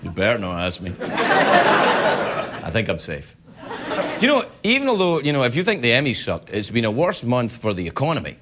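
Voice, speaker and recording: A middle-aged man hosting a late-night talk show, telling comic stories in an animated way and slipping into other people's voices. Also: medium pitch, moderate pace, pauses often. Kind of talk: late-night comedy monologue. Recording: studio audience laughter and loud noise behind.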